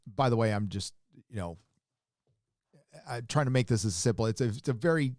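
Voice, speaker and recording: A man hosting a casual livestream, rambling through his points with frequent restarts and quick reactions to what he shows on screen. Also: medium pitch, darkish tone, no echo, studio quality. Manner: rambling, restarts often, chuckles and reacts to images. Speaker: show host.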